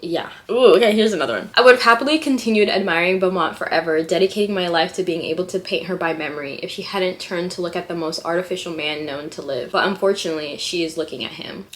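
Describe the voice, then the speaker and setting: A woman vlogging casually, reading a story aloud and breaking off into giddy, excitable reactions. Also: mid-range voice. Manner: reads fiction aloud softly. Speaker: writing vlogger.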